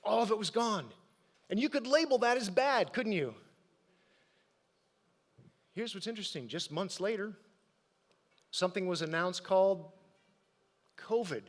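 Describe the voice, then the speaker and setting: On an event stage, a practiced middle-aged speaker with a notably high voice gives an expressive motivational talk at a measured pace. He pauses often, telling personal stories and asking his listeners questions.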